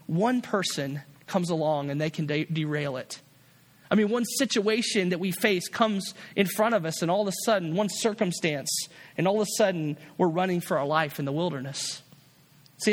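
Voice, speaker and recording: Male pastor, sermon, high voice, earnest, repeats and restarts phrases. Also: a bit bright, in a large hall.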